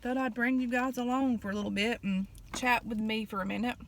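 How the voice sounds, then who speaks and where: Chatty woman, slightly high voice. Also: steady tone, fairly quick, slight background noise. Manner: folksy storytelling with fillers and throat clearing. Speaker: vlogger. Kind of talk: casual eat-with-me chat.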